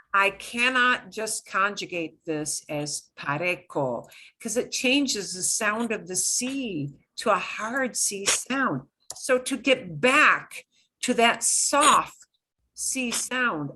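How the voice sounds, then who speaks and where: A woman's voice: mid-range voice, animated, slow, sharp tone, a little hiss or hum. A middle-aged woman teaching a Spanish class, explaining grammar step by step in a chatty way with fillers and asides.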